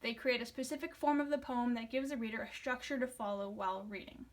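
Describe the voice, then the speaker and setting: A woman's voice: a little high, steady tone, fast talker. Young woman giving a class presentation. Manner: reads from a script, with fillers and restarts when explaining. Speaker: student presenter.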